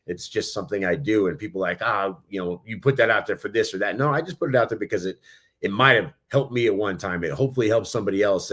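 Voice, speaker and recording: A man co-hosting a live show, talking sincerely in an easy, casual way. His voice sits a little low for a man. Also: fairly bright tone, breathy edge. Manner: earnest, talks about inspiring people. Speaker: podcast co-host.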